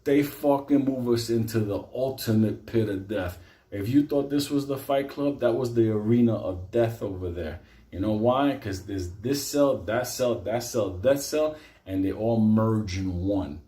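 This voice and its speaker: A man telling a comic story in a profane, animated way, swinging between loud bursts and quiet asides. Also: fairly low pitch, a little slow. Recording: echoey room.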